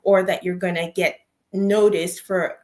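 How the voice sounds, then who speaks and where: A woman career coach giving interview answers in a measured, explanatory way, often affirming with a soft mm-hmm. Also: on the low side, fairly even intonation. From Canada.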